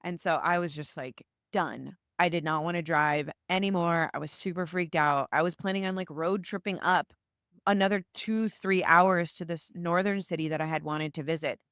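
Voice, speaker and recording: An American woman hosting a solo podcast, telling stories in a chatty, animated way. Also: on the low side, normal speed, clean tone, no room sound, studio quality. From United States. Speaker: podcast host.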